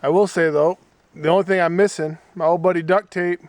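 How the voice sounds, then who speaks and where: A man's voice: high voice, steady tone, a little fast, dry recording. A man vlogging his solo hike in a casual, playful, rambling way, talking outdoors by a lake into a handheld camera. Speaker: solo hiker filming his trip. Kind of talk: casual trail vlog.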